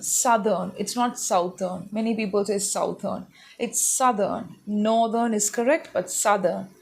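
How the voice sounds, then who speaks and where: A young adult woman giving an online English pronunciation lesson, patiently explaining and repeating each word slowly to model it. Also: medium pitch.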